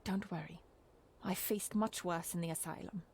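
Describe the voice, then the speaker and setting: A caring woman companion in a video game, played by a woman, gentle but insistent. Her voice is mellow and warm, with faint ambience underneath. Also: lowish voice, fairly even intonation, moderate pace, a little hiss or hum, natural voice. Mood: teasing.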